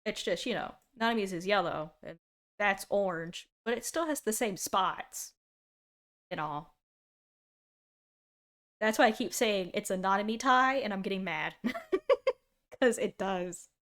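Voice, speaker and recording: A young woman in her twenties reacting on a stream in casual talk. She drifts between dry sarcasm and bursts of laughter. Her voice sits in a middle pitch for a woman. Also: unhurried, long pauses. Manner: animated, laughs a lot, sarcastic.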